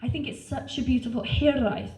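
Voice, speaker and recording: A woman's voice: sits high, fairly even intonation, brisk, warm tone. A woman in her thirties from North Wales with a North Welsh accent, doing a brash, sweary stand-up routine and tagging her lines with "right?". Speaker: stand-up comedian. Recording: roomy sound from a distant mic, faint noise.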